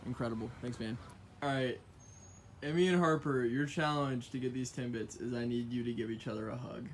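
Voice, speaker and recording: A man's voice: medium pitch, steady tone, fairly quick, background noise. A man hosting a string of playful challenges for kids, upbeat and laughing often as he calls on each by name. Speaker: host running kids' challenges. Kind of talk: playful outdoor game hosting. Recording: music playing under voice.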